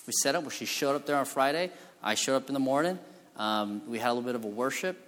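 A man's voice: mid-range voice, lively intonation, fast talker, a bit bright. A man, a physician, telling a story during a talk, with lots of fillers and restarts. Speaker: physician giving a conference talk. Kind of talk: storytelling presentation. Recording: hall reverb from a lecture room.

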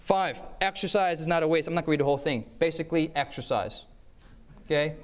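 A preacher gives a sermon on time management in a fairly high, fast voice, telling stories along the way. He engages listeners by checking in with "okay?" and "yes?", and acts out quoted voices mid-story.

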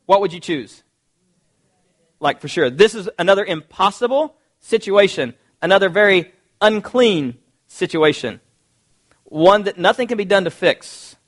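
A man preaching a sermon, reading scripture aloud and acting out quotes in a lively, conversational way. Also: on the high side. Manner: animated, conversational, acts out quotes.

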